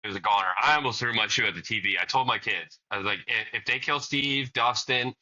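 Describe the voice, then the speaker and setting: A man's voice: mid-range voice, fast, sharp tone. A man co-hosting a podcast in casual chat, laid-back and agreeable, mostly giving short replies. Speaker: podcast co-host. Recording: dull lo-fi audio.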